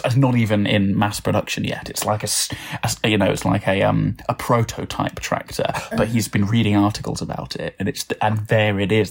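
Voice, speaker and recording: A man's voice: fairly low pitch, vocal fry, breathy edge. A man improvising a comic story, rambling with lots of fillers and restarts.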